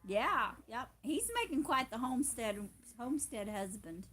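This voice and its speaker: A woman's voice: on the high side, lively intonation, normal speed, fairly bright tone, a little hiss or hum. A woman hosting a casual homestead livestream, chatting in a rambling way and laughing often. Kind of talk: casual chat.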